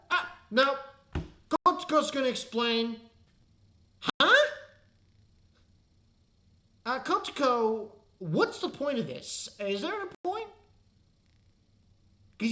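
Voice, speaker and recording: A woman's voice: a little high, fairly bright tone. An exasperated woman tears into an anime episode in a casual spoken review. Her voice leaps up and down as she vents, swearing freely and sounding fed up.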